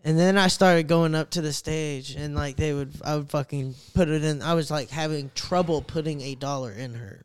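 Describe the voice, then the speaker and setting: Smooth-voiced rambling young man. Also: fairly high pitch, steady tone, normal speed, hardly any pauses. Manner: rambling, profane, laughing at himself. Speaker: podcast co-host. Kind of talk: casual storytelling chat.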